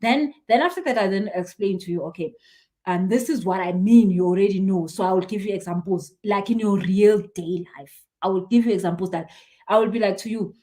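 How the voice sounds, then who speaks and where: A woman, a spiritual healer chatting casually on a live stream, animated and quick to laugh. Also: mid-range voice. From South Africa. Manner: animated, chatty, laughs often, acts out what people say. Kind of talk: casual live-stream chat answering viewers.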